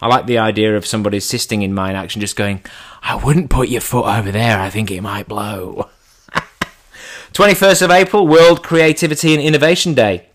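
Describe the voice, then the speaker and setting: Irreverent man doing comic monologue. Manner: irreverent and deadpan, swinging pitch for punchlines. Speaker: comedian. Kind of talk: comedic monologue.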